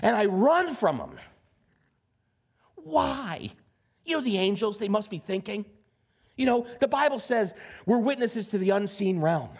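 Joking, high-voiced male preacher. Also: sing-song, a little slow, gravelly, long pauses, breathy edge. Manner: conversational and joking, with frequent asides; emphatic, repeats phrases. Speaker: pastor. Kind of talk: sermon.

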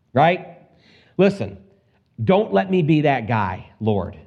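A man preaching an expository Bible sermon, animated, acting out scenes with quick put-on voices and casual asides. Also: on the high side. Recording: dull lo-fi recording.

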